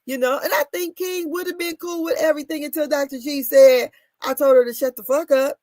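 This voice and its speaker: A woman in her thirties casually recapping reality TV drama, animated and laughing, her voice swinging between loud and soft. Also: high voice, a little fast, no echo. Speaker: commentary show host.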